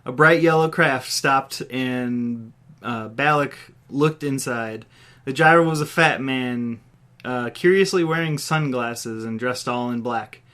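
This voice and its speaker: Bright-voiced man reading a goofy story. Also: mid-range voice, slow pace. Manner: self-interrupting, laughing at his own jokes. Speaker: podcast host and storyteller. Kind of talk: reading his own comedic story aloud.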